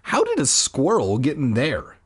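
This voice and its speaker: A man voicing a puzzled young boy friend, with a husky voice. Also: fairly high pitch, wildly swooping pitch, unhurried, full character voice. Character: boy's plain-spoken young friend.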